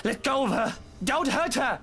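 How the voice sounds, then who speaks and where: A woman reading a game aloud and voicing a desperate young man who shouts and pleads for his fiancée's life. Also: high-pitched, animated, normal speed, slight background noise.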